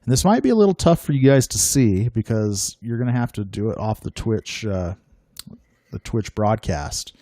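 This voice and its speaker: A man hosting a casual talk show in an upbeat, joking way. His voice sits a little low. The sound is dry and close, with little room around it. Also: lively intonation, normal speed, mellow, dry recording. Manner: upbeat, joking, self-deprecating. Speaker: podcast host. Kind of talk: casual chat.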